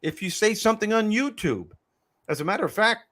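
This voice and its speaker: Male podcast host, emphatic storyteller, a touch higher than most men. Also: animated, fairly quick, a bit bright. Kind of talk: podcast conversation.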